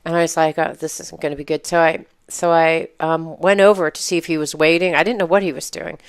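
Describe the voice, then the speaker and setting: A woman's voice: low voice, steady tone, fairly quick, clean tone, no echo, studio quality. A woman co-hosting a podcast, telling a story in casual chat and laughing as she acts out the quotes. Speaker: podcast co-host.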